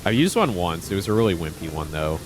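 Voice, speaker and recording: A man's voice: low-pitched, big pitch swings, fast talker, soft background music. A man streaming a game, chatting casually, easily flustered and laughing often. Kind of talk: casual live-stream chat.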